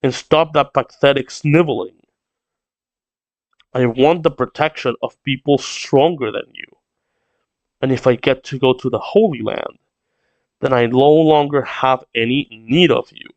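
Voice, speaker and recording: A man's voice: medium pitch, unhurried, long pauses, no room sound, lo-fi sound, close to an everyday voice. A man reading a cold, stoic princess.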